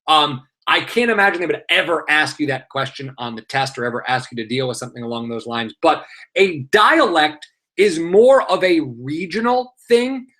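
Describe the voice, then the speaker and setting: A man's voice: on the high side, animated, moderate pace, bright, forceful tone. A male teacher with a New York accent, running a live online exam review and explaining terms through rhetorical questions and many filler sounds.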